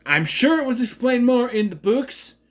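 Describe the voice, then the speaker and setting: A man in his thirties giving a rambling, sarcastic review of an animated film in a casual monologue. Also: extremely high pitch, moderate pace. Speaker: movie reviewer.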